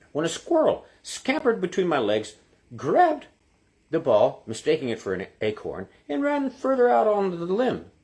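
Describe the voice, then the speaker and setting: A man's voice: medium pitch, a little mellow, voice pushed down. A man voicing an Irish golfer in a joke, with a put-on Irish accent, rambling through a long story.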